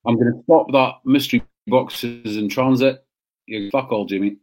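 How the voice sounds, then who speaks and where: A man's voice: medium pitch, fairly even intonation, normal speed, a little mellow. A man hosting a casual livestream, bantering with viewers and swearing freely. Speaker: livestream host.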